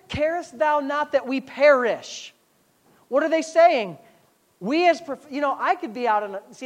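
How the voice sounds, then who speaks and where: A woman pastor preaching a sermon with a sarcastic, animated delivery. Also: high voice.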